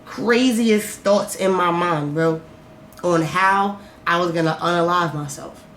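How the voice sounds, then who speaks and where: A woman telling a personal story in a vlog, animated and profane, swinging between loud outbursts and slow, quiet musing. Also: lowish voice. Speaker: vlogger. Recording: roomy echo, faint background noise.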